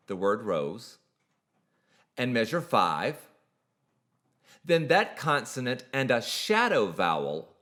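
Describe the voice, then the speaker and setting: Male singing teacher, scripted narration, precise and measured, animated pitch.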